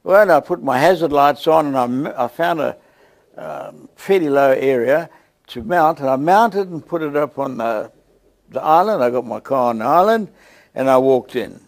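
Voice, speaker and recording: Gravelly South African man telling a story. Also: mid-range voice, normal speed. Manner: lively storyteller acting out scenes. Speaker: guest preacher. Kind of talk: storytelling testimony.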